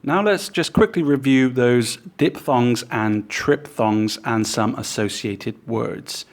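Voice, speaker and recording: A man teaching a pronunciation lesson, explaining patiently and modelling sounds slowly. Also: mid-range voice. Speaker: language teacher.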